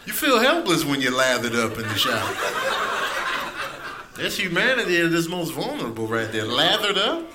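A man doing a stand-up comedy set with a drawn-out, musing delivery. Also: fairly high pitch, sing-song, heavy background noise.

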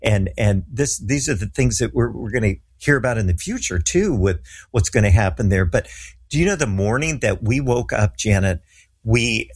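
A man's voice: lowish voice, husky. A middle-aged man, a guest minister, telling a story earnestly and with animation in a talk show interview.

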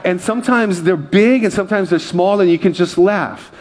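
Lively joking male pastor preaching. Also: high-pitched, normal speed. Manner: lively, joking, calls out to the congregation. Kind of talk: sermon with humorous stories.

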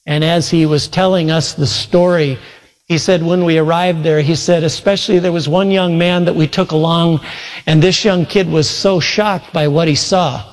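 Guy preaching a sermon, earnest storytelling, fairly high voice, big echoey church hall. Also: steady tone, moderate pace. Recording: long reverb from a large hall.

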